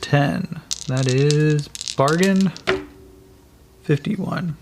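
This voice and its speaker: A man running a solo tabletop game, narrating scenes and calling out dice rolls in a relaxed, casual way. His voice sits at an ordinary pitch, with a faint hiss in the background. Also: measured pace. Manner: casual, rolling dice aloud, swears. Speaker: game master playing solo.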